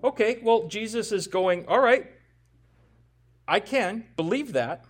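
A man's voice: high voice, animated, slow. A male pastor preaching a sermon in a conversational way, with rhetorical questions and self-deprecating humor.

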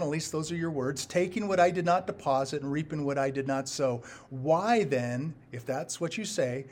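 A man's voice: fairly high pitch, normal speed, few pauses, darkish tone. Emphatic pastor man preaching a sermon. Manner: emphatic, rises and drops in volume for stress, repeats phrases.

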